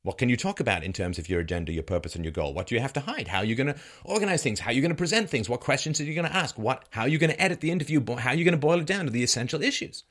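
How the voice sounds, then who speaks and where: A man's voice: racing, hardly any pauses. A middle-aged man giving a sardonic monologue commentary that mocks what he criticizes, with bursts of laughter. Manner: sardonic, mocking, with lively swings in pitch and bursts of laughter.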